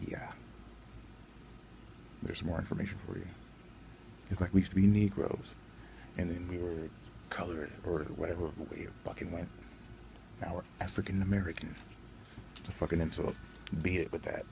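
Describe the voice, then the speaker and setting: A man's voice: low voice, gravelly, background noise. A man hosting his own channel, delivering a profane, angry, blunt vlog rant. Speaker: channel host.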